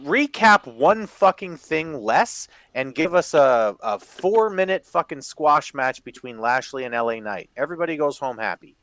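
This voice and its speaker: A man's voice: a little high, expressive, normal speed, hardly any pauses, fairly bright tone. A man on a podcast airs blunt, exasperated complaints, swearing freely as he talks. His voice sounds dry, with no room echo. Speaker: podcast co-host. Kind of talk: casual chat.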